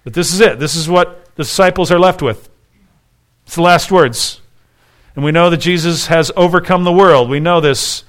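A man's voice: a little high, moderate pace, a bit bright. A man preaching a sermon as pastor, earnest and conversational, often restarting his phrases.

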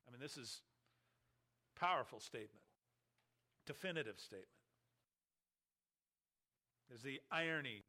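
A man's voice: mid-range voice, expressive, moderate pace, pauses often, bright, forceful tone. A man preaching an expository sermon as a pastor, emphatic and full of rhetorical questions.

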